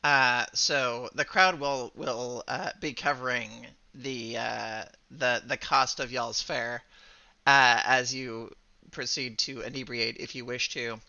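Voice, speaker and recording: A man narrating as game master of a streamed tabletop game, laughing often and halting on fillers as he narrates. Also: mid-range voice, steady tone, gravelly, bright, forceful tone, dull audio. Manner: giggly, halting with many fillers.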